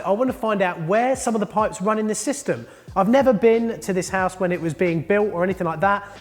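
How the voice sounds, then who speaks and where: A man's voice: high-pitched, in a large hall. A man, a plumber, presenting a jokey, upbeat tool review vlog from his studio. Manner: upbeat and jokey, chatty asides. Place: indoor studio.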